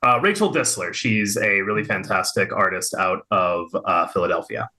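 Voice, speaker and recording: A man's voice: fairly low pitch, lively intonation, moderate pace, sharp tone. A man from Arkansas with no regional accent, a comic writer chatting as an interview guest with many fillers and restarts. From Little Rock, Arkansas. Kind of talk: casual interview chat.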